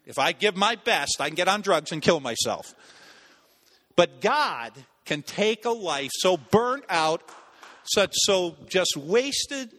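A man preaching a sermon as pastor, telling a personal story with animated delivery, acting out voices and shouts. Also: high voice, in a large hall.

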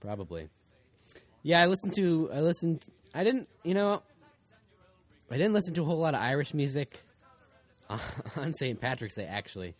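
A young man from the United States hosting a college radio show, bantering playfully with a co-host, teasing and halting with many fillers. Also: a little high, very animated, dry recording.

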